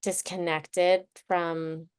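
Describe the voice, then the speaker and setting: A woman guest on a podcast, talking earnestly and telling heartfelt personal stories in relaxed conversation. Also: on the low side, very slow, clear, resonant tone. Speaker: guest, childhood trauma expert.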